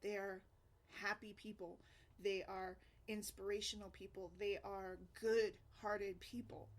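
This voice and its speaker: A woman's voice: medium pitch, level tone, measured pace. A woman talking earnestly in a casual vlog, conversational and often asking "right?". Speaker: single mom blogger.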